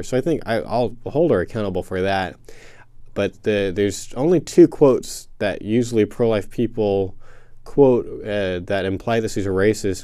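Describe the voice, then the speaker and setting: A man's voice: lowish voice, mellow, no echo. A man giving casual spoken commentary in reply to a listener question, hesitant and full of fillers and restarts as he hedges carefully.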